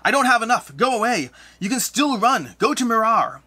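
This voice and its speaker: A man doing a shrill frantic ghost. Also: lively intonation, fast talker, full character voice. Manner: shrill, moaning, desperate shouting. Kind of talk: reading game story text aloud.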